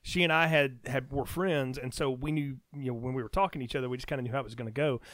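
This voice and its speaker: A man's voice: medium pitch, fairly even intonation, fast, fairly bright tone, dry recording. A man talking as a podcast guest, chatty and easygoing, rambling through stories in casual conversation.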